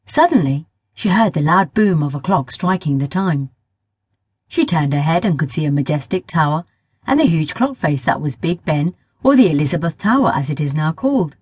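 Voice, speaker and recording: A woman reading a children's story aloud with a lively, rising-and-falling delivery. Her voice sits fairly low with a slight husk, and the recording is close and dry. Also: moderate pace, breathy edge, no room sound. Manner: expressive storytelling. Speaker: audiobook narrator. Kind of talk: children's audiobook narration.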